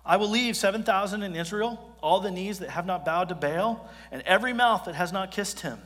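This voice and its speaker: A commanding, ancient God declares each word with emphasis, in a raised and forceful voice, as a preacher takes him on. The voice rings through a big hall and its long echo. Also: male voice, sits high, fairly quick, voice pushed up.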